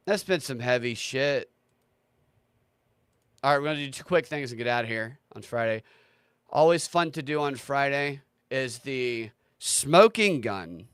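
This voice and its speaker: A man's voice: a little high, fairly bright tone, clear, resonant tone, no room sound, studio quality. A man hosting a livestream, talking casually in a sarcastic, ranting way and swearing freely. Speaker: livestream host.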